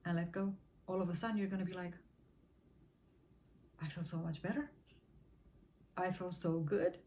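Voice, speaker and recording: A woman's voice: on the low side, steady tone, normal speed, long pauses, darkish tone, slight background noise. A woman giving a motivational talk on manifesting money, repeating affirmations in a rhythmic chant and sometimes dropping to a whisper. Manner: rhythmic repetition, drops to a whisper during affirmations. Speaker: manifestation teacher.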